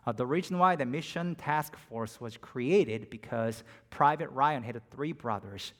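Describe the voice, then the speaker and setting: Preacher swinging from hush to fervor. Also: male voice, mid-range voice, unhurried. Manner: dynamic, drops to near-whispers and rises to emphatic peaks. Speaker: pastor. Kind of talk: sermon.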